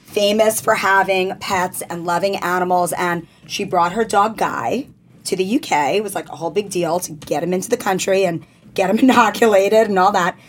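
A woman co-hosting a chatty podcast, talking at a middling pitch. She gushes and bubbles with enthusiasm, leaning into her words as she introduces guests. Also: moderate pace. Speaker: podcast co-host. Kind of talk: casual chat.

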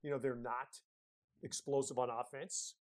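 A man's voice: mid-range voice, flat delivery, normal speed. A man analyzing college football on a talk show, speaking emphatically and conversationally. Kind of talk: casual sports talk.

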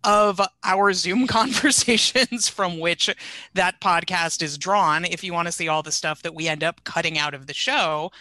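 A woman speaking as a podcast guest, brisk and promotional as she lays out where to find her work. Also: fairly low pitch, pushed and bright, dry recording. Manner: teasing, then brisk and promotional. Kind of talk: casual chat.

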